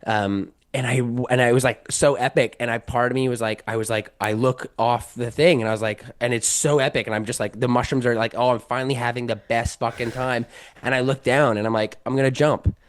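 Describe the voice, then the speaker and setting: A man's voice: mid-range voice, steady tone, fairly quick, hardly any pauses. A man guest on a casual podcast, telling a story in a rambling way, full of "like" and restarts. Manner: rambling, heavy use of "like", many restarts.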